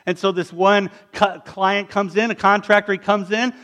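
Male pastor, high-pitched, dramatic storyteller in the pulpit. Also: little pitch movement, moderate pace, fairly bright tone. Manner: dramatic storytelling, acts out voices. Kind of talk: sermon.

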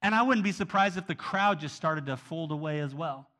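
Man, sermon, earnest preaching, fairly high bright voice, swings between soft and loud. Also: a little fast. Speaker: pastor.

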